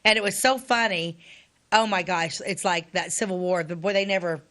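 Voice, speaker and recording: Co-host, woman in her 50s from Illinois; somewhat low voice, rambling casual delivery, reads aloud. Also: moderate pace, a bit bright. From Illinois, USA. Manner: rambling, restarts sentences, chatty. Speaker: podcast co-host. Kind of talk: casual chat and reading aloud.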